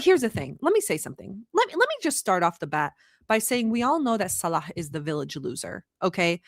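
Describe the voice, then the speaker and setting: A woman from the Middle East hosting a casual live stream from home, chatty and gossipy and quick to laugh. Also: a little high, fairly bright tone, dry recording, clean studio sound. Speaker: livestream host. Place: at home in a swivel chair.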